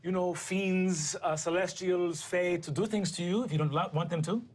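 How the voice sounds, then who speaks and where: A man's voice: high voice, steady tone, normal speed, a little mellow. A man doing a hesitant scholarly explainer. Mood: explaining.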